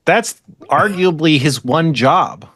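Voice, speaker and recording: A man's voice: a little high, animated, takes it slowly, a bit bright, husky, no room sound. A man co-hosting a podcast, a comedian talking frankly and swearing freely in casual chat. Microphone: podcast microphone.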